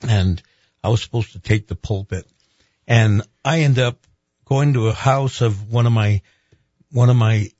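A middle-aged pastor, interviewed about his life, tells a personal story and lively acts out the voices of the people in it. His voice is on the low side. The recording is dull, dry, and slightly muffled, with no echo.

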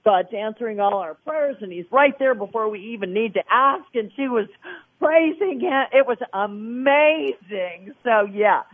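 A woman's voice: on the high side, expressive, measured pace. A woman guest on a radio talk show, telling a personal faith story with feeling and acting out the voices she quotes. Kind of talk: personal testimony in a radio interview. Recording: phone-line sound.

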